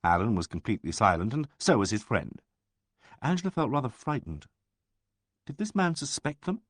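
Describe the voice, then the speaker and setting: A man reading an audiobook aloud with an expressive, animated delivery. His pitch swings widely, and the sound is dry and close. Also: normal speed, no echo. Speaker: audiobook narrator.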